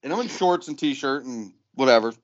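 A man's voice: medium pitch, lively intonation, moderate pace, lo-fi sound. A man co-hosting a podcast, telling a story in casual, profane chat and laughing as he goes. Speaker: podcast co-host.

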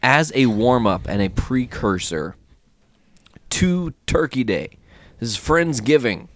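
A man co-hosting a casual podcast, animated and joking, swearing freely as he chats with friends. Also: medium pitch, takes it slowly, no echo. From small town in Indiana. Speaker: podcast co-host.

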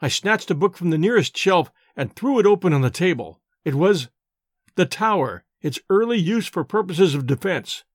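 A man reads a novel aloud in the first person, his voice rising and falling with animated expression. The pitch sits a little high for a man, and the sound is close and dry with no room around it. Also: moderate pace, dry recording. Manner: expressive, lively storytelling. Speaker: audiobook narrator.

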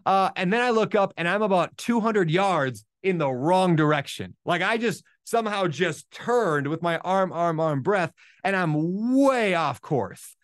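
Guy telling a story, kinda high voice, super animated, dry close sound. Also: measured pace, few pauses, dry recording. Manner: animated, acts out his own thoughts in quotes. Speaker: podcast host. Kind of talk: casual storytelling.

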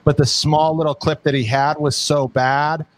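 A man's voice: a little high, level tone, moderate pace, no echo. Rambling man co-hosting a podcast. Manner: rambling, many restarts and "you know". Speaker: podcast co-host. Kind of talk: casual chat.

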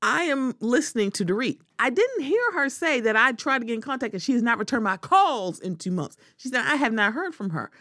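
A woman's voice: fairly high pitch, lively intonation, brisk, hardly any pauses, fairly bright tone, no room sound, studio quality. A woman hosting a solo podcast, giving opinionated, sassy commentary and talking back to absent people in mock quotes. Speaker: podcast host.

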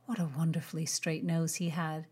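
A woman narrating an audiobook in a measured, expressive storytelling manner. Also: low-pitched, slightly rough. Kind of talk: scripted narration of a historical romance.

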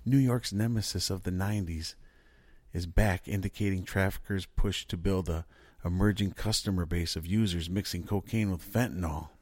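A man putting on the voice of a stiff male federal drug agent, reading a statement in a deep, official press-release delivery. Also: moderate pace, darkish tone, no room sound.

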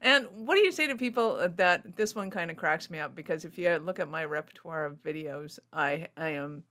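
A woman hosting a casual interview, an animated, giggly storyteller. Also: low voice, brisk. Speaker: interview host.

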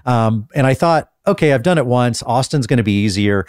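A man hosting a casual conversational interview, telling stories in a calm, even-keeled way. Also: medium pitch, fairly quick, dry recording, clean studio sound. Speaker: podcast host interviewing guests.

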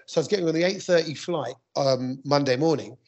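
A man, a stand-up comic co-hosting a podcast, telling an anecdote in a lively, animated way. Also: a little high, a little fast, dull audio. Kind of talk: casual chat storytelling.

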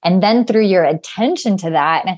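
A woman guest in a casual conversation, talking about spiritual matters with enthusiasm and quick phrasing. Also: mid-range voice, lively intonation, darkish tone.

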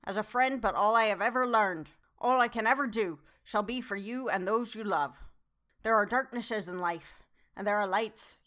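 A woman's voice: medium pitch, fairly bright tone, natural voice. A woman voicing an old, fervent foreign professor. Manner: broken formal English, slow and fervent. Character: old male foreign professor, earnest, effusive. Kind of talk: audiobook character reading.

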